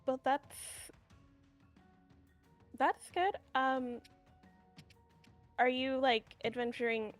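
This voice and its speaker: A woman's voice: sits high, little pitch movement, very slow, long pauses, faint music behind. A woman playing in a tabletop game over an online call, casual and chatty with many fillers. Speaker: player.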